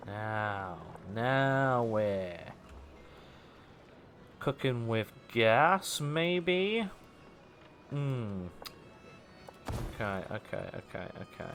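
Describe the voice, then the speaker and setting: A man's voice: on the low side, vocal fry. A man hosting a live game stream, chatting casually with viewers, joking and laughing often. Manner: chatty and playful, laughing often, mock-outraged outbursts. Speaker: livestream host. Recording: faint music behind.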